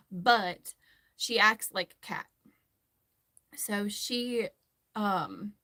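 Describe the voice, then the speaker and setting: Woman chatting slow while she crochets, rambly, laughs a lot. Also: mid-range voice, fairly bright tone. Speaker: crochet tutorial host. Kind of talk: casual chat while crocheting.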